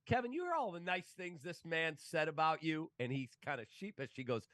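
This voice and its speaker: A man's voice: fairly high pitch, fairly quick, no echo. A man, a sports broadcaster telling stories in casual talk and acting out the voices of the people in them. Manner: animated, acts out quoted voices. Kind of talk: casual storytelling.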